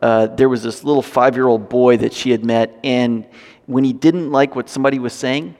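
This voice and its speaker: A man preaching a sermon, reading scripture and breaking into animated, joking asides. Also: mid-range voice, normal speed. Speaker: pastor. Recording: long hall reverb.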